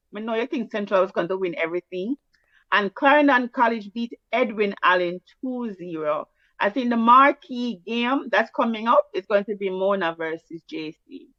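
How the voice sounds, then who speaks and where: A woman with a Jamaican accent co-hosting a casual sports chat, teasing and quick-fire in her delivery. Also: on the high side, no room sound. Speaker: co-host. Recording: dull, dry, lo-fi mic.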